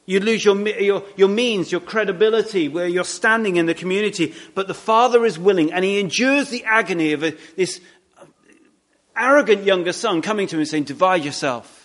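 A man with a high-pitched voice preaches a sermon to his congregation. He talks conversationally, often restarting his sentences and throwing in asides. On his key points he slows right down and leans on the words. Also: a bit bright. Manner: emphatic, slowing down on key points.

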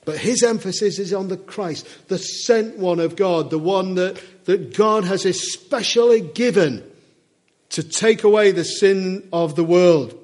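A man's voice: high-pitched, unhurried, darkish tone. A man preaching a sermon to a church congregation in a conversational way, often asking his listeners questions.

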